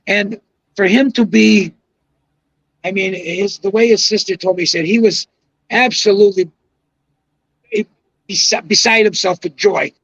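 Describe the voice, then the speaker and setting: Here the same kind of guest, a man in his seventies who once bowled professionally, wanders through emphatic anecdotes in relaxed podcast talk. He has a high, slightly bright voice and a measured pace, pausing often. The sound is dry and lo-fi.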